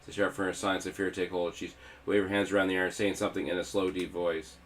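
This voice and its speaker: With faint game music behind him, a streamer reads a video game's story text aloud, adding dramatic emphasis. His voice is deep and quick with a flat delivery, and there's slight background noise.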